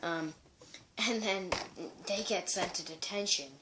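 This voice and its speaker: A man's voice: high voice, measured pace, very noisy. A man casually showing and reading his own comic strips, rambling with many restarts. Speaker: amateur comic strip creator.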